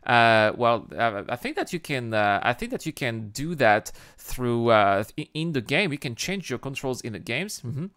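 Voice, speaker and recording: A man hosting a livestream, chatting casually with viewers and reading out their comments in an excitable way, often restarting his sentences. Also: medium pitch, moderate pace, hardly any pauses, clean tone, no echo, studio quality. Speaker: livestream host.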